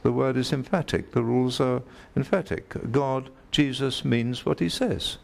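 A man delivering a sermon with a gravelly, creaky edge to his voice. He preaches emphatically, repeats his key phrases and turns to ask his listeners direct questions. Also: mid-range voice, measured pace, darkish tone.

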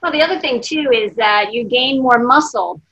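A woman with a fairly high voice hosting a health show, chiming in with brief agreement. She adds practical remarks from her own work training clients at home. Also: normal speed, fairly bright tone, husky, highs cut off. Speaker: host, fitness trainer. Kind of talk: interview host chat.

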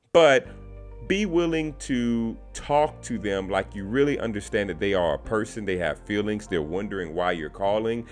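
Guy with a lowish voice chatting about sales calls, repeats himself a bit, relaxed. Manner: conversational, repeats words, restarts phrases. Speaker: sales representative sharing tips. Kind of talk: casual talking-to-camera advice.

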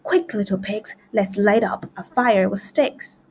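A woman's voice: medium pitch, measured pace, a little hiss or hum, lightly acted. A woman voicing a brave little male gingerbread cookie in a storybook read-aloud, bold and cheery. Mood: defiant.

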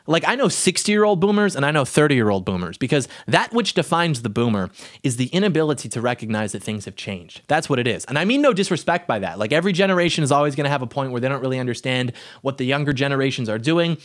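A man's voice: mid-range voice, expressive, fast talker. A young man in his twenties delivering an indignant, sarcastic opinion monologue as a political commentator.

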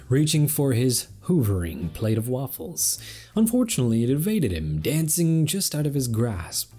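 A man narrating a fan fiction story in a steady reading voice. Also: medium pitch, a little slow, slightly rough, soft background music. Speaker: story reader.

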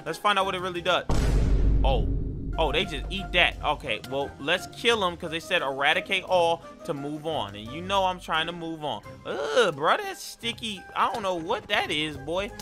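A young man narrates his own gameplay in a high, very bright voice that leaps up and down with every reaction. He talks in loose slang and reacts loudly to each surprise. Faint music plays behind him. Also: normal speed. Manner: excitable, slangy, reacting out loud. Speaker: gameplay streamer. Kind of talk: Minecraft let's-play commentary.

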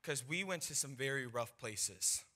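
A young man preaching, telling a personal testimony in an animated storytelling way and acting out the voices of people in his story. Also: mid-range voice, a little slow. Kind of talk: sermon testimony.

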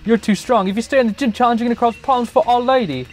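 A man's voice: very high voice, racing, faint music behind, voice pushed up. A man voicing a pushy male gang grunt in a put-on British accent. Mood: threatening.

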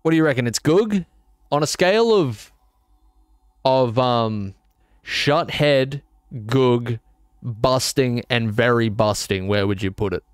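A man's voice: mid-range voice, animated, slow pace, pauses often, clear, resonant tone, no room sound, studio quality. A young man streaming a game, rambling and joking as he answers his chat. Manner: rambling, jokey, talks back to chat. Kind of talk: casual gaming stream commentary.

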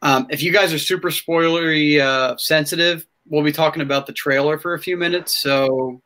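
A man hosting a podcast in casual chat, excitable and rambling, with many restarts. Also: a little high, normal speed. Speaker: podcast host.

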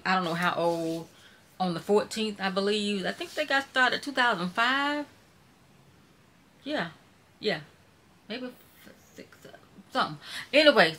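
A Mississippi woman with a Southern accent hosts a YouTube live stream, chatting casually and folksily with her viewers. Her mid-range voice is bright with a forceful tone.

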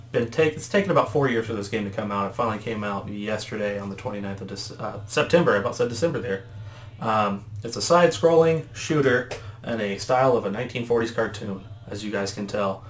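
A man hosting a let's play, chatting casually and rambling, often correcting himself. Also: on the low side. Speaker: gaming channel host. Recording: roomy echo, faint background noise.

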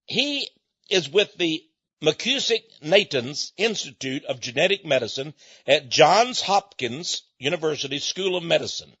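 American male radio host, folksy and emphatic, repeats his points; husky tone, muffled lo-fi audio. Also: high voice, fairly bright tone, no room sound. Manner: folksy and conversational, with chuckles. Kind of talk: monologue lecture. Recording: dull lo-fi dry recording.

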